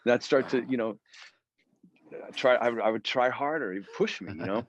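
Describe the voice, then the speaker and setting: A male guest guitarist on a video call, telling studio stories in a rambling, animated way. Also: medium pitch, normal speed, noisy background. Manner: rambling, animated storyteller who acts out quotes. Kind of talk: casual storytelling in an interview. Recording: dry, dull lo-fi call audio.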